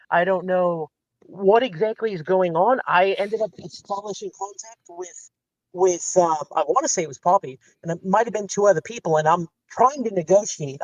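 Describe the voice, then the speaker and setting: A man guest telling a long story in casual chat, rambling and animated, acting out the lines of others. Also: high voice, dry recording. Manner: rambling, animated retelling with quoted dialogue. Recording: slightly dull lo-fi sound.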